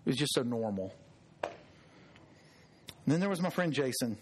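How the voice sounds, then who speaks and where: A man's voice: mid-range voice, big pitch swings, normal speed, a little hiss or hum. A middle-aged male pastor preaching a sermon, earnest and emphatic, telling personal stories with repeated phrases. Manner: earnest, storytelling, emphatic repetition.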